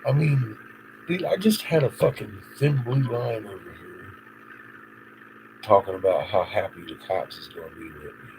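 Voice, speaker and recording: A man's voice: lowish voice, moderate pace, vocal fry, background noise. A man live-streaming an unscripted monologue, agitated, swearing and rambling. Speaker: livestreamer.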